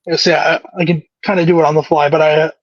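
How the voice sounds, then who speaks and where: A man's voice: a little high, level tone, fast talker, dry recording, highs cut off. A man co-hosting a casual podcast, joking around and slipping in and out of impression voices. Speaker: podcast co-host. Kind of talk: casual chat with wrestler impressions.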